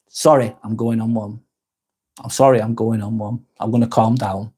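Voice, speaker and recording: A man's voice: fairly low pitch, flat delivery, normal speed, dark tone, husky. A man hosting a live stream, reading chat comments aloud, swearing heavily, then apologizing.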